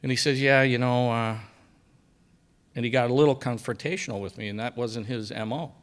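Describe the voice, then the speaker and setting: A man's voice: medium pitch, fairly even intonation, brisk. Man telling his faith testimony. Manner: storytelling, dropping quiet for quoted lines and rising on key moments. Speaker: guest speaker sharing testimony. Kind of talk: personal testimony speech. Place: banquet hall at a breakfast event.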